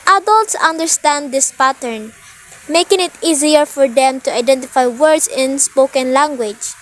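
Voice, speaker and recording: Slow, high-voiced woman lecturing. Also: low-quality recording. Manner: reads a point, then explains it in plain words; repeats words on small slips. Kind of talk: lecture reading from notes.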